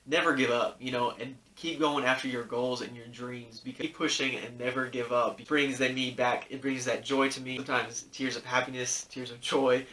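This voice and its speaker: Earnest bright-voiced man rambling in an echoey room. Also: mid-range voice, level tone, moderate pace, hardly any pauses, far from the mic, slight background noise. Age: 30s. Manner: rambling, earnest, encouraging, many fillers and restarts. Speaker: sneaker YouTuber. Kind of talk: casual storytelling vlog.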